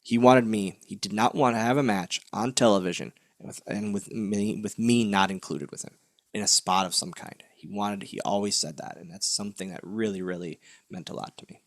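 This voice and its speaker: In a studio-quality recording with no room sound, a wrestler and author in his late thirties shares a candid, heartfelt story as an interview guest. His voice is on the low side at a moderate pace, and he retells events animatedly, laughing and performing other people's lines.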